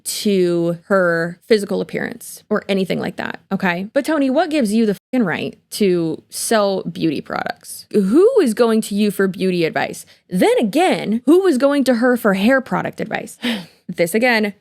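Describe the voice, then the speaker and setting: A woman's voice: medium pitch, lively intonation, normal speed, a little mellow, no room sound, clean studio sound. A young woman hosting a casual commentary vlog, sassy and sarcastic, rambling with lots of fillers while doing her makeup at home. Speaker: YouTube commentary host.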